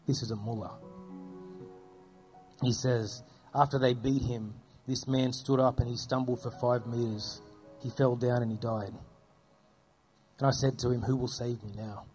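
Male guest, earnest storyteller, mellow tone, faint music under. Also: mid-range voice, level tone, measured pace, long pauses. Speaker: guest speaking about persecuted churches. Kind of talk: storytelling testimony.

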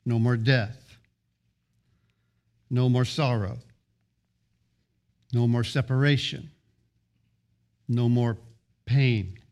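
A man's voice: mid-range voice, darkish tone. Man preaching in rhythmic, emphatic lists. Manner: emphatic preaching with repeated restarts; builds rhythmic lists of short phrases. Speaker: pastor. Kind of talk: sermon.

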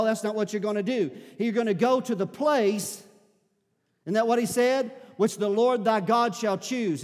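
A man preaching a sermon as pastor in a church, building to shouted fervor. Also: high-pitched. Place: church sanctuary. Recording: long hall reverb.

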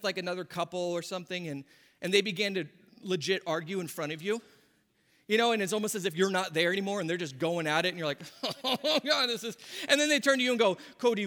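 Animated male pastor in a reverberant hall. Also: high voice. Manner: animated storytelling, acts out voices with laughs. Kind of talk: sermon. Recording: long reverb of a large hall.

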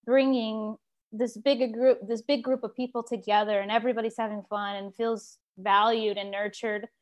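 A woman from Texas who leads a sharing circle, telling a personal story in a lively, animated way and laughing as she goes. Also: a little high, normal speed. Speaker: group facilitator.

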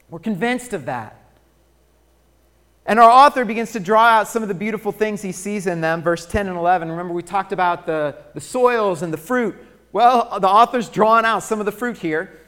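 A pastor preaching a sermon in a church, moving between hushed, pleading warnings and loud, rousing encouragement. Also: male voice, sits high, moderate pace, long reverb tail. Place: church sanctuary.

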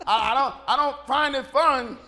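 Man in his fifties, pastor, chatty sermon, very high voice, bright tone, laughs a lot. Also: normal speed. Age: 50s. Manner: animated storytelling, acting out the voices of the people in his stories, laughing often. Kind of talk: conversational sermon.

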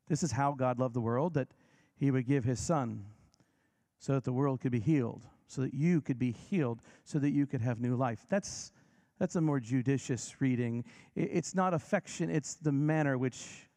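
A man's voice: medium pitch, a little mellow. Man preaching with shifting emphasis. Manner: emphatic, varies pace and volume for effect; leads the congregation in repeating lines. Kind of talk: sermon.

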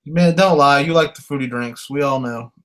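A man's voice: mid-range voice, normal speed, a bit bright. Laid-back joking man, sports podcast. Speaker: podcast co-host. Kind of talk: casual sports talk.

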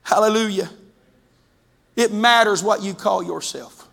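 A man preaching a fervent Pentecostal sermon, his voice pitched very high and ringing bright. He calls out to the congregation and climbs into shouts. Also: moderate pace, gravelly. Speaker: pastor. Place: church sanctuary.

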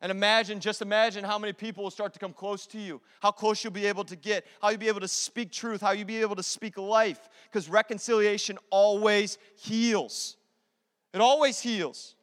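A young adult man preaching a sermon as pastor, animated, moving between loud declarations and hushed, intimate asides. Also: high voice, normal speed, clear, resonant tone, long reverb tail.

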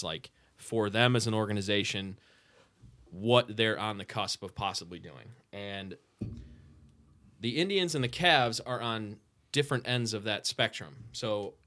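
A man's voice: on the low side, fairly bright tone. A man co-hosting a casual podcast chat, laying out a sports debate in a talkative, explaining way. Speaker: podcast co-host.

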